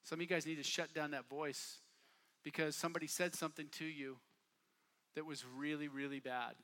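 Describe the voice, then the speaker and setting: Man preaching, bright ringing voice, fairly high pitch, repeats lines for emphasis, swings from soft to loud. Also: steady tone, brisk. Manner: builds from quiet talk to shouting bursts; casual, repeats phrases for emphasis. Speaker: youth pastor. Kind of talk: sermon. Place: camp meeting hall.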